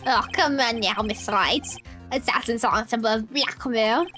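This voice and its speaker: A woman's voice: on the high side, measured pace, bright, forceful tone, faint music behind, voice pushed down. A woman voicing a smug, two-faced male celebrity villain who gloats over his crimes with a sneering delivery.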